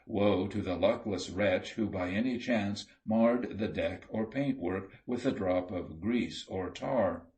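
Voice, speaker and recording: A man reading an audiobook sea story aloud in a steady, measured storytelling manner. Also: sits low. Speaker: audiobook reader. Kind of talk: scripted narration.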